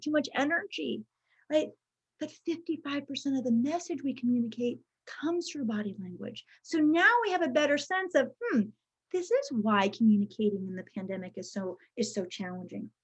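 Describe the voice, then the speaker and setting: A woman giving a live workshop talk over a video call, teaching in a lively way and often checking in with "right?". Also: high voice. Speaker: workshop presenter. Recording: muffled video-call audio.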